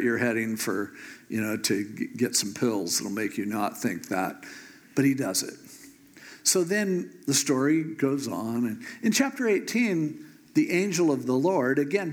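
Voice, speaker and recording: A man preaching a sermon, retelling a Bible story in a casual, joking way. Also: mid-range voice.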